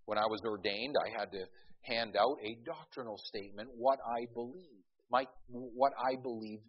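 Folksy preaching man, husky voice. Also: mid-range voice, moderate pace. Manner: folksy storytelling, many restarts, rising to emphatic peaks. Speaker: pastor. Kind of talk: sermon with a humorous opening story. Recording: dull lo-fi recording.

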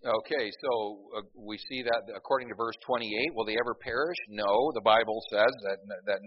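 A man's voice: on the low side, normal speed. A man preaching a sermon to a class, asking the room questions and answering them himself, rising for emphasis. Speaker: preacher teaching a Bible class. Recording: dull lo-fi recording.

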